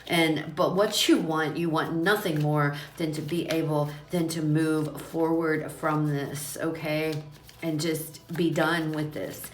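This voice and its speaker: Low-voiced woman giving a chatty tarot reading. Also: roomy sound. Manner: chatty, repetitive, emphatic, addresses listeners directly. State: watery eyes and runny nose. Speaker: tarot reader. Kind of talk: casual tarot reading to camera. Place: small room at home.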